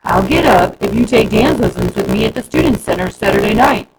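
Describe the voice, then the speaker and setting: Casting: a loud, lovestruck schoolgirl, put on by a woman reader with a gravelly edge and swooping pitch, storybook reading, noisy take. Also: huge pitch swings, brisk. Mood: pushy. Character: big, strong, pushy girl with a crush.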